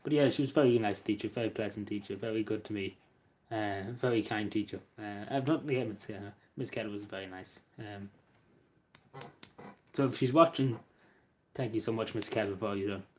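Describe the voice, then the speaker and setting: This young Irish streamer has a fairly low voice and talks fairly quickly. Reading chat on his live stream, he chats casually, rambling and restarting when he trips over words, and calls out viewers by name.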